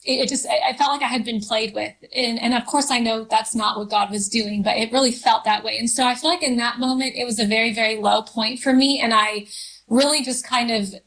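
A woman's voice: on the high side, steady tone, brisk, a bit bright, poor audio. A woman in her thirties, a podcast guest, telling a personal story with many fillers and restarts.

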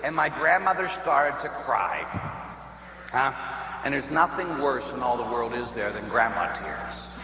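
Bright-voiced priest in an echoey hall. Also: male voice, mid-range voice, moderate pace. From Pittsburgh, USA. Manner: animated, laughs at his own stories, acts out voices. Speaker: Catholic priest. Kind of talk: humorous storytelling sermon. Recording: echoey hall with faint hum.

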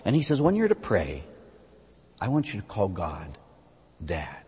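An American priest preaches with a lively, rising and falling delivery, climbing high on emphatic lines before dropping low and soft. His voice is a little husky, and it rings out with a long reverb in a large hall. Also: measured pace. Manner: animated, rises high on emphatic phrases then drops low and quiet. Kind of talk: sermon.

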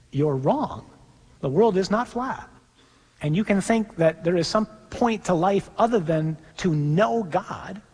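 A man's voice: high voice, darkish tone, husky. A man, a priest, preaching emphatically to a congregation and then leading them in a recited prayer, in a church. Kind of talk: sermon. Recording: reverberant church hall.

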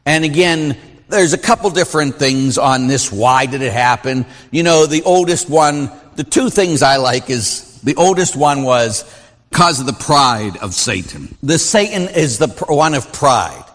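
Animated priest in a reverberant hall. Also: male voice, medium pitch, unhurried. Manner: animated, acts out quoted voices. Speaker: Catholic priest teaching a class. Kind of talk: informal religious teaching.

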